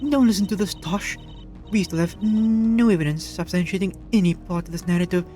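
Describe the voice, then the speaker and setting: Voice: medium pitch, fairly quick, warm tone, soft background music, voice pushed up, lightly acted. A player reading the lines of a haughty prosecutor in a fan visual novel, formal and contemptuous. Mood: scornful.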